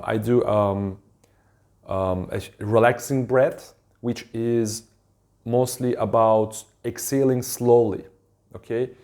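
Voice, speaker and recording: Man, wellness teacher, calm and unhurried, frequent ums and self-corrections. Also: medium pitch. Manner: calm, halting, with many ums and restarts. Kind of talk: casual instructional talk.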